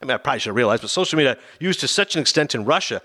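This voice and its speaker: Fast-talking animated male film reviewer. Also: medium pitch. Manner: animated, acts out scenes with quoted voices. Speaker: film reviewer on a talk show. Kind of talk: casual chat.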